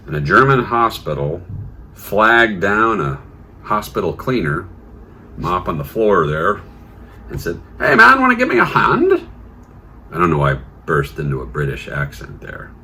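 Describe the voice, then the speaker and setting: A man hosts a comedic news show in a sardonic tone, now and then putting on silly voices. His voice is very low and deep, with lively swings in pitch. He talks at an unhurried pace over a faint hum of background noise. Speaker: podcast host.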